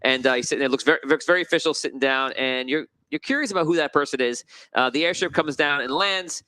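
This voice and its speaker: Brief: chatty game master, bright, forward tone, rambling and self-correcting. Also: male voice, a little high, quick pace, dry recording. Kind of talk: narrating a tabletop game.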